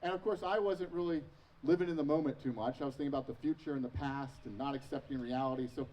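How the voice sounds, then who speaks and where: A man, preaching a sermon with animated, self-mocking storytelling in a church sanctuary. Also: mid-range voice, quick pace, recorded from a distance, rough recording. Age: 30s. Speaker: pastor.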